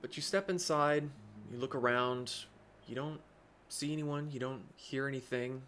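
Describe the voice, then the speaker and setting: A man's voice: mid-range voice, normal speed, a bit bright, soft background music. A man narrating as game master of a tabletop game, with a rambling delivery full of fillers and restarts.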